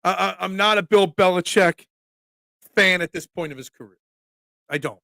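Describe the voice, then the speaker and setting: High, bright-voiced male sports talk host. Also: moderate pace, creaky, dry recording, studio quality. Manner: chatty, joking asides, fillers and restarts. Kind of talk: casual live-stream chat reading comments.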